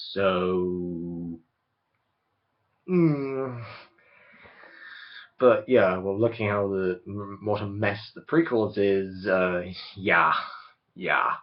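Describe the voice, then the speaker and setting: Rambling young man, muffled audio. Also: on the low side. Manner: rambling, self-interrupting, opinionated. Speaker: video blogger. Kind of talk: casual rant to camera. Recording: dull lo-fi recording.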